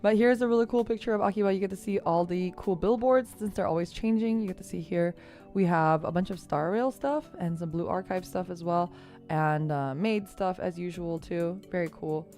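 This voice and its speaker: A woman streamer telling a story in casual chat, animated and laughing often, with lots of "like" and fillers. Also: fairly low pitch, moderate pace, soft background music.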